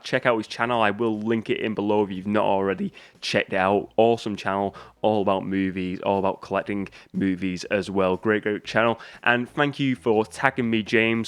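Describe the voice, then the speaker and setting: Guy vlogging about films, chatty and rambly, lowish smooth voice, dry close sound. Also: no room sound. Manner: chatty, rambling and self-deprecating, with many restarts. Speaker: movie YouTuber. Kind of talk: casual vlog chat.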